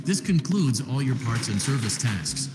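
A man voicing a calm game repair instructor. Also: medium pitch, close to an everyday voice. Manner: measured, formal instructions. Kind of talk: scripted game tutorial narration. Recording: roomy game audio with music.

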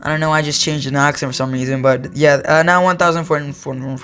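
Teen boy yapping over a game, kinda high voice, trips over his words a lot. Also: fairly even intonation, fast talker, a bit bright, soft background music. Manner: rambling, self-correcting, easily amused. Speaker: gaming YouTuber. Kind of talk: casual gameplay commentary.

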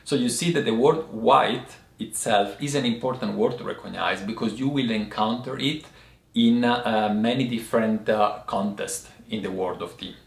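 A man's voice: fairly low pitch, gravelly. Man explaining tea words in an echoey room. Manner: patient, explaining step by step with frequent pauses. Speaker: tea teacher. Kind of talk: language and tea lesson.

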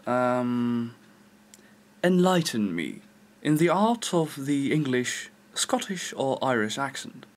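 A young Dutch man, a non-native English speaker, rambling self-mockingly in a casual vlog. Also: on the high side. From Netherlands. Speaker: vlogger.

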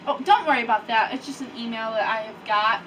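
A woman's voice: fairly high pitch, fast, natural voice. A woman playing an exasperated female company boss who explains things in a hesitant, rambling way. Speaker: company staff member in her office. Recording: distant mic with background noise.

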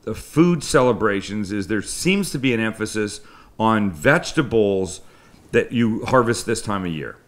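A man's voice: on the low side, animated, moderate pace. Chatty Canadian man hosting a cooking show. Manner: chatty, self-deprecating, rambling with restarts. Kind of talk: casual live-stream chat. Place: home kitchen studio with crew.

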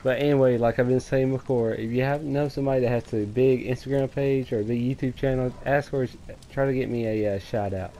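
A man's voice: medium pitch, fairly even intonation, brisk, warm tone, slight background noise. A man casually commenting on gameplay as host of his gaming channel, rambling and chatty with lots of fillers.

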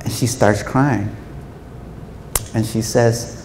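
Animated man speaking in an echoey hall. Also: fairly high pitch, unhurried. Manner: animated, acts out quoted voices. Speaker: keynote speaker. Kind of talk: storytelling speech to educators. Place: large hall with audience. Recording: echoey hall, faint room noise.

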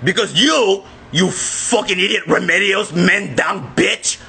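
A man filming himself in an agitated, profane rant that often breaks into shouting. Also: high voice, slow pace, vocal fry, few pauses, husky. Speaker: vlogger. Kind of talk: angry self-filmed rant.

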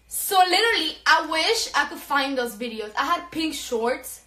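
Speaking at normal speed in an echoey room, this social media personality has a high, expressive voice with a bright, forceful tone. She's a young woman narrating a story over a phone livestream, cursing freely, laughing, breathless, and switching into Spanish.

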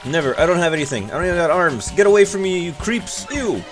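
A squealing, sassy young heroine from a video game, put on by a man in a high, shrill voice. She sounds indignant and quick to snap back at anyone. Game music plays behind her. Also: expressive, natural voice.

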